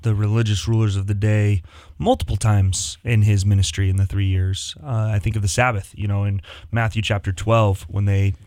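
A man co-hosting a pastors' discussion show, retelling scripture in a lively, conversational way. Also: lowish voice, normal speed, no echo, studio quality. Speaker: pastor co-host.

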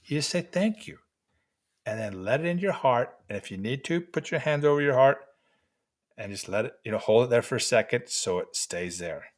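An older man giving gentle, encouraging life lessons to mentees at an unhurried pace with pauses. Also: mid-range voice, animated. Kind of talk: motivational talk to mentees.

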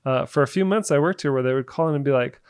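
A woman co-hosting a casual chat, talking in a relaxed, conversational way and adding supportive remarks. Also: rumbling low, fast, smooth, dry recording, studio quality. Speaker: podcast co-host.

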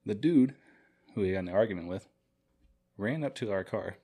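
Deep-voiced young man, laid-back storyteller. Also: lively intonation, moderate pace, mellow. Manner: laid-back, dry joking, some uh fillers. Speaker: podcast co-host. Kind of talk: casual storytelling chat.

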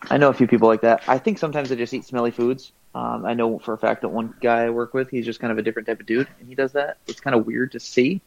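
A man's voice: mid-range voice, fairly even intonation, fast, gravelly, few pauses, no echo, dull audio. A man co-hosting a casual podcast, talking in a rambling, hesitant way with frequent laughs. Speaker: podcast co-host.

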